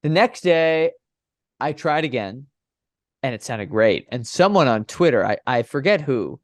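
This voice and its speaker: Young guy broadcaster telling stories, middle pitch, gets animated when he acts out his calls. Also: unhurried, no echo, clean studio sound. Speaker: baseball play-by-play broadcaster. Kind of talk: casual podcast interview storytelling.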